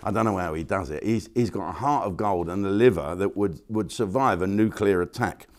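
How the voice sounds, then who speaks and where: A man's voice: low-pitched, fairly quick. An older man from England, a comedian hosting a casual, rambling monologue full of blunt swearing. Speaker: comedian host.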